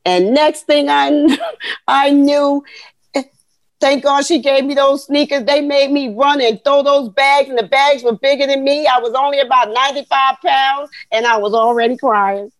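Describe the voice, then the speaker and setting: Woman, 60s, animated folksy storyteller, fairly high voice, dry close sound. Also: moderate pace, no echo. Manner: animated, folksy, addresses listeners as y'all. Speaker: guest, retired Army veteran. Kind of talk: storytelling interview.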